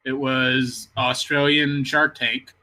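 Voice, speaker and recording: A man co-hosting a casual podcast, excitable and jokey, swearing a lot. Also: mid-range voice, slow pace. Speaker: podcast co-host. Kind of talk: casual chat.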